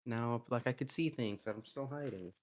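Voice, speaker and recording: A man's voice: mid-range voice, normal speed. A young man chatting casually as a player in a tabletop game, easygoing and laughing often. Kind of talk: casual chat.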